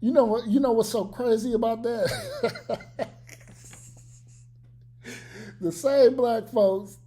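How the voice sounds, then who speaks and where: A man's voice: very high-pitched, sing-song, takes it slowly, dark tone. A man giving blunt, profane, preachy commentary in a casual reaction video.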